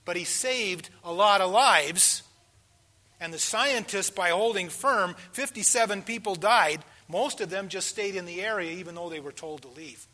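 A man in his sixties with a high-pitched voice preaches a sermon, putting questions to the congregation. He swings from hushed pauses to loud emphasis.

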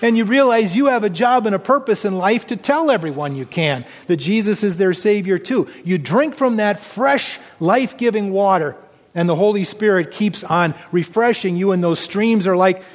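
Reading from scripture and explaining it earnestly, a pastor delivers a sermon at a moderate pace. His voice is notably high and echoes with a long reverb, as if filling a big hall.

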